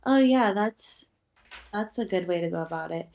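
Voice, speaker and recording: Chatty woman pitching joke ideas. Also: normal speed, darkish tone. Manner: thoughtful, many likes and ums, acts out pitch ideas. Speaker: comedy set reviewer. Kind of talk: casual joke feedback.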